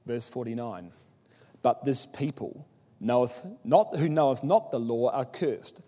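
A man preaching an expository Bible sermon, emphatic, with rhetorical questions and animated scripture quotes. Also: mid-range voice, measured pace. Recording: long hall reverb.

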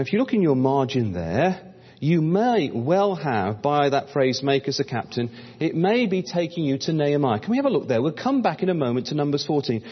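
Husky guy preaching, reads old scripture, calls everyone brothers and sisters, long echo in a hall, muffled lo-fi sound. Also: a little high. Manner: addresses listeners as brothers and sisters; reads scripture aloud in old-fashioned wording. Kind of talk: Bible-study sermon. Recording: dull lo-fi recording in a reverberant hall.

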